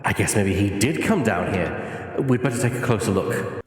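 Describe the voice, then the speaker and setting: A man voicing a poised, formal male prosecutor in a fan voice-over of a game, speaking in a measured, dry way. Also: lowish voice, expressive, husky, no echo.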